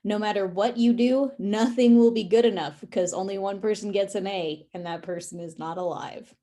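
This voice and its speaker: Calm woman leading a guided tapping session. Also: mid-range voice, normal speed. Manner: calm, instructive, with some fillers. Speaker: guided emotional release session leader. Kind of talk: guided tapping and breathing meditation.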